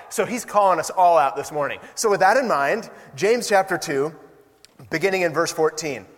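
A man's voice: sits high, expressive, moderate pace, a bit bright, big-room sound. A young adult man preaching a sermon in a conversational way, acting out quoted exchanges. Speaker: pastor.

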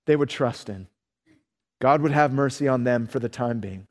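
A man preaching a sermon with earnest, animated storytelling. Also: mid-range voice, unhurried, long pauses, big-room sound. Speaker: pastor.

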